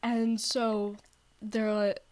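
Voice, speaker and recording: A woman's voice: medium pitch, flat delivery, very slow, darkish tone. A young woman streamer with a scratchy throat, rambling as she retells a story to friends. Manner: rambling, full of "like" and restarts.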